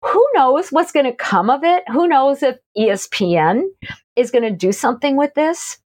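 A middle-aged woman, a guest author and energy healer, telling stories in a casual, animated conversation with frequent laughter. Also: high voice, moderate pace. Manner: animated, laughing, acts out quoted voices.

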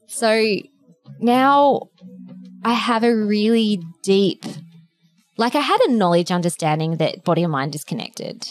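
A woman's voice: mid-range voice, animated, slow, long pauses, faint music behind. A woman podcast co-host telling a personal story in an earnest, emotional way, with plenty of fillers.

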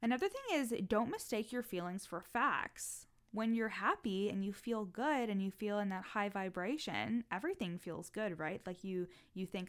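A woman's voice: medium pitch, expressive, a bit bright, clear, resonant tone. A woman business coach hosting a solo podcast, talking frankly with plenty of swearing and acting out the voices in her head. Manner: frank and profane, fast bursts, acts out inner voices.

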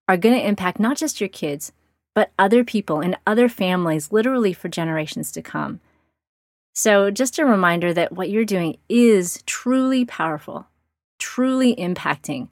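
A woman's voice: on the low side, dry recording, studio quality. A woman in her thirties hosting a podcast for mothers, talking in an earnest, encouraging, heartfelt way. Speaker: podcast host. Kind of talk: warm scripted intro and casual podcast chat.

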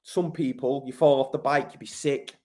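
A man's voice: medium pitch, steady tone, normal speed, mellow. Blunt, sweary English man. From Manchester, UK. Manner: blunt, sweary, emphatic, keeps saying mate. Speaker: podcast guest. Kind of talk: casual conversational interview.

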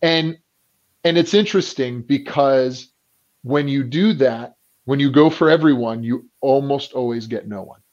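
A man talking as a business coach in a casual podcast conversation, acting out the people he quotes and often clearing his throat. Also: medium pitch, moderate pace, muffled recording. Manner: animated storyteller who acts out quoted people.

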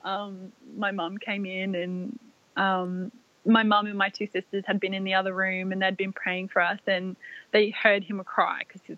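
A woman's voice: medium pitch, level tone, moderate pace, fairly bright tone, dry recording, highs cut off. Woman emotionally recounting a birth story. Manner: emotional, breathless retelling with many fillers and restarts. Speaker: guest telling her birth story. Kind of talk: casual personal storytelling.

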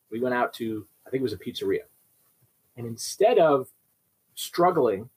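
A young adult dog trainer gives instructional talk, explaining with everyday examples and frequently checking in with "right?". His medium-pitched voice is husky, and the recording quality is low.

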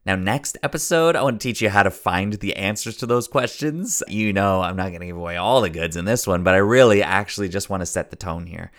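A man's voice: low voice, lively intonation, fairly quick, few pauses, a bit bright. A man hosting a podcast as a story coach, speaking earnestly in a preachy, motivational way and repeating phrases for emphasis.

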